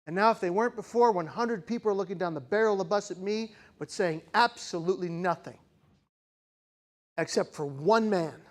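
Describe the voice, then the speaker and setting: A keynote speaker with a high voice dramatically relates a personal story to a live audience. He shifts from raised intensity down to quiet, slow emphasis, and asks the crowd rhetorical questions along the way.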